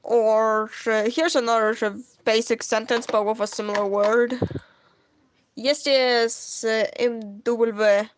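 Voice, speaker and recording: A woman's voice: a little high, level tone, slow. A young woman, a native Russian speaker with a Russian accent, chatting casually on a stream and reading out chat questions.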